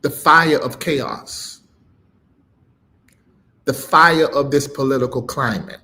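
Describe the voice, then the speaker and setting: A middle-aged man preaching on a live stream, emphatic and informal, swinging between loud punches and low murmurs and repeating phrases with a rising cadence. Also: takes it slowly. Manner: informal, dropped verb endings. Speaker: preacher and livestream host.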